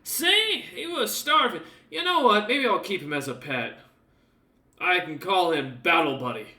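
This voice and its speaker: A man voicing a gruff, crude male warrior captain who talks in a boisterous, teasing way. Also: a little high, expressive, moderate pace, bright, forceful tone, roomy sound, far from the mic. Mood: jovial.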